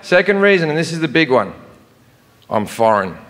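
A middle-aged man performing profane stand-up comedy, swinging from shouting to muttered asides. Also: a little high, big pitch swings, normal speed. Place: large theater with a live audience. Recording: live concert recording in a reverberant hall, audience laughter. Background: crowd laughter and room noise.

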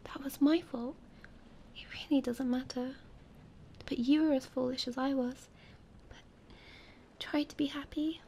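A woman voicing a proud, delicate female flower in a soft, whispered role-play. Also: high voice, fairly even intonation, unhurried, a little hiss or hum. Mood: tender.

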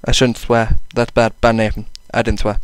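Young guy narrating his game, swears a lot, jumps to loud yells now and then, clean crisp voice, dry close mic. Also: on the low side, completely flat delivery, moderate pace, dry recording. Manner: swears often, self-mocking, sudden loud outbursts. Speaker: gaming channel host. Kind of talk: casual gameplay commentary.

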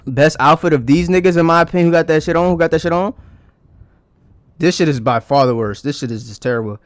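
A young man with a fairly high voice gives blunt, crude reaction commentary full of slang. He talks casually, like he is riffing with friends. The sound is dry and close, with no room around it. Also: fast, no echo. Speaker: host reacting to a dating video.

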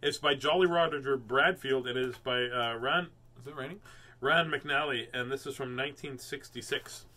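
A man of medium pitch talks at a moderate pace, his voice pushed and bright. He hosts live readings of children's books, chatting jokily and rambling between pages, full of fillers and silly noises.

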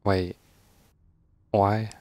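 A man's voice: lowish voice, little pitch movement, drawn-out words, a little mellow, no echo. A man streaming a game live, talking to himself in a frustrated, self-mocking way and swearing a lot. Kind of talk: live gameplay commentary.

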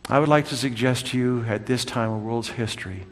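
A man preaching a sermon in a church, swinging from loud calls down to hushed whispers. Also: mid-range voice, brisk. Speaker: pastor. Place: church sanctuary. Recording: long church hall reverb.

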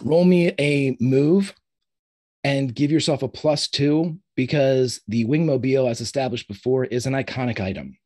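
A man's voice: mid-range voice, moderate pace, a little mellow. A man running a tabletop game as game master, narrating the action in a loose, descriptive way with fillers.

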